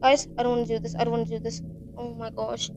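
A woman's voice: fairly high pitch, completely flat delivery, quick pace, over music. A woman hosting a horror game playthrough, rambling, jumpy and swearing a lot. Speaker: gaming channel host.

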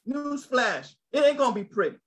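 A man preaching a sermon, lively and conversational, calling out to his listeners. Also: very high-pitched, normal speed, poor audio. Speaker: pastor.

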